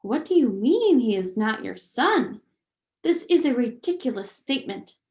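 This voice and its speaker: A haughty, vain French mother mouse, put on by a woman reading aloud. She speaks in a high, lilting voice with a put-on French accent and unhurried, exasperated phrasing. It is a storybook character, theatrical and dismissive. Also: very animated, a little mellow. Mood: indignant.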